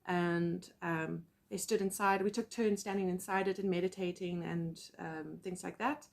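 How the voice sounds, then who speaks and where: A woman with a South African accent telling personal stories as a psychic medium, animated and acting out quotes. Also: lowish voice, moderate pace, gravelly. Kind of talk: casual storytelling vlog.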